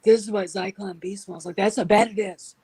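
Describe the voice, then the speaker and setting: A woman with a husky voice chatting casually, telling animated stories and acting out what people said. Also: medium pitch, fairly quick, low-quality recording. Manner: animated storyteller, acts out quotes. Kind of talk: casual chat.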